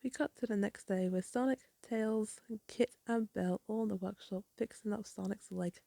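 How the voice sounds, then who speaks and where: A woman's voice: medium pitch, steady tone, moderate pace, creaky, dark tone, no room sound. A woman hosting a casual, rambling comic recap, apologetic at times. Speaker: comic reviewer. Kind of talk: casual chat.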